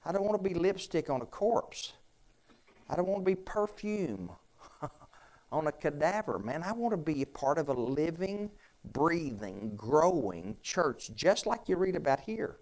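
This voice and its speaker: A man's voice: fairly high pitch, very animated, a little slow, a little mellow. A man preaching to his congregation in an earnest, folksy way, often restarting his sentences and asking the room questions. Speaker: pastor. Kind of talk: conversational sermon with questions to congregation.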